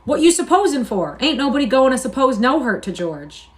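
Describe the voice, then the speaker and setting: A woman's voice: fairly high pitch, animated, moderate pace, voice pushed up, lightly acted. A woman doing a big, anxious childlike man. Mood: upset, insistent. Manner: pleading, insistent, rising to cries.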